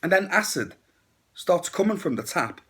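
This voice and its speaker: Man, casual horror movie review, blunt and crude, sarcastic, lively up-and-down pitch. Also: moderate pace.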